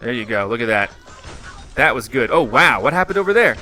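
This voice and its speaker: Bright-voiced, excitable man reacting. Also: mid-range voice, fairly quick, faint music behind. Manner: excitable, exclaims and yells at the game. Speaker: YouTuber reacting to videos. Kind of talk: excited gaming commentary.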